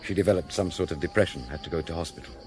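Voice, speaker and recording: A man's voice: low voice, very fast, faint music behind, natural voice. An actor playing a male police inspector who narrates and chats with understated, dry humour in a radio drama. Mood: wry.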